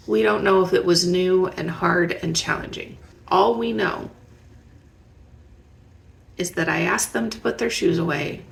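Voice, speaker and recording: A woman's voice: lowish voice, creaky. A woman talking straight to her viewers about parenting, conversational and reflective, often asking them questions. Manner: warm, conversational, asks the listener reflective questions. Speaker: parenting educator. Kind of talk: direct-to-camera advice talk.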